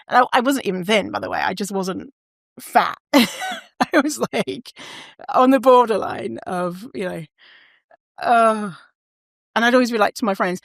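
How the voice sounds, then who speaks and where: A woman's voice: on the high side, lively intonation, unhurried, creaky, long pauses, no echo, studio quality. A woman hosting a casual solo podcast. She talks candidly, swears freely and laughs often. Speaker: podcast host.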